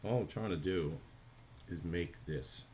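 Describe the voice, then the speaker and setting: Low-voiced New Jersey man chatting. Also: unhurried, darkish tone, slight background noise. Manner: chatty, thinks aloud and answers chat. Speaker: animator streaming live. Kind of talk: casual live-stream chat while drawing.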